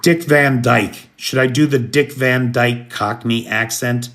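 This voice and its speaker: A man's voice: medium pitch, steady tone, unhurried, hardly any pauses, a bit bright. An American man hosting a late-night livestream, chatting casually and greeting viewers by name. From United States. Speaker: livestream host. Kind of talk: casual live chat, answering viewers.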